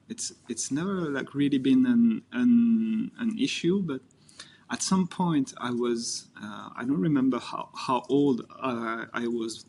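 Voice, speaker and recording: A French-accented man from France, whose first language is French, guests on a podcast. He speaks politely and hesitantly, filling pauses with fillers, over a faint background hiss. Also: mid-range voice, vocal fry, a little mellow.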